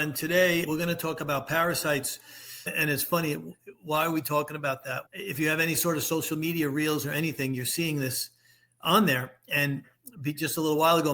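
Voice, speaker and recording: Middle-aged male doctor co-host, slightly high and bright voice, animated and expressive. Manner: animated, acts out worried patients' voices. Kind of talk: casual podcast chat.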